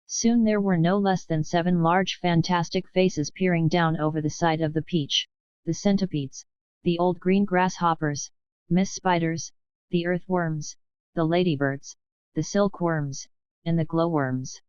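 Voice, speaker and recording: A woman reading a children's audiobook in a steady storybook narration. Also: fairly low pitch, a little slow, clear, resonant tone, no room sound. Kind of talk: scripted narration. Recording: dull dry studio recording.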